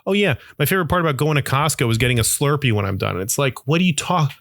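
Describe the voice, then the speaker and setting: A young man hosting a solo podcast, ranting in an animated, mock-outraged way and acting out imagined voices. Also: mid-range voice, fast talker, vocal fry, dry recording, studio quality. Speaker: podcast host. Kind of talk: solo comedic rant.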